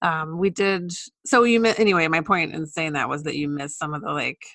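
A woman co-hosting a podcast, telling stories in a relaxed, casual way with fillers. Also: low voice, fairly quick. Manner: relaxed storytelling, trailing off, filler words. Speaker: podcast co-host. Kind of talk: casual chat.

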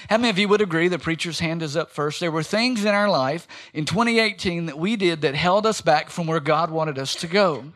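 Male pastor, 30s, emphatic sermon delivery with folksy asides, a high voice. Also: a bit bright. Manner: emphatic, repeats key phrases, folksy asides. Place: church sanctuary.

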